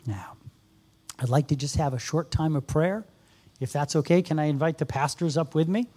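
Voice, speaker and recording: A man's voice: fairly high pitch, a little fast, warm tone. A man in his fifties giving an earnest sermon to a church congregation, exhorting the audience directly. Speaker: guest speaker. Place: church service with a live audience.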